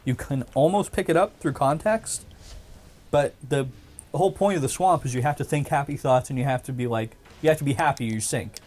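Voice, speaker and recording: A man's voice: medium pitch, a little fast, a little mellow. A man chatting casually while gaming, rambling through stories with frequent laughs.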